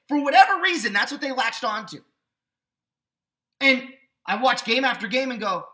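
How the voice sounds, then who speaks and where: A man's voice: extremely high pitch, lively intonation, unhurried, pushed and bright, roomy sound. A man hosting a sports podcast, ranting indignantly with sarcasm. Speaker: podcast host. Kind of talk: sports opinion rant.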